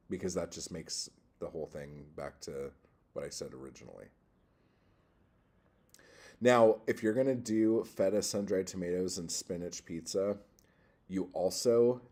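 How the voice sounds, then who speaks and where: A man with a very low, husky voice chats on a casual livestream, reading comments aloud. He rambles and swears freely, getting worked up with little push. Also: warm tone. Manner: profane, easily worked up, rambling. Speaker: livestream host reading chat.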